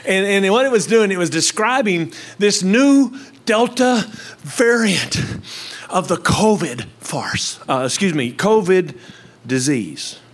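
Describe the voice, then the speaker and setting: An older man preaching a sermon to his congregation on a handheld microphone. He swings from low, quiet asides to loud, emphatic lines. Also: big pitch swings, slow. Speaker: pastor. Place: church with live congregation.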